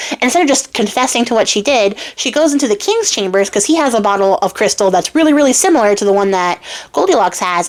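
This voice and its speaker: A woman retelling a fairy tale in a casual, irreverent way, full of slang and fillers. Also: medium pitch. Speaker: storyteller YouTuber.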